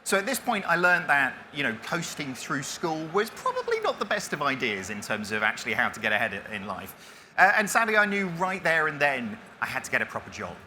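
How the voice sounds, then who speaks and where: A man's voice: a little high, huge pitch swings, brisk, sharp tone, slight background noise. A man in his forties giving a self-deprecating conference talk, with many restarts as he tells his story. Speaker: keynote speaker. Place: conference stage.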